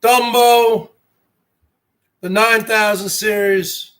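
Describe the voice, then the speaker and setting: High-voiced man ranting slowly. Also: fairly even intonation, fairly bright tone. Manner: mocking, repetitive, addresses rivals as brother. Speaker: online show host. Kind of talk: ranting monologue to viewers.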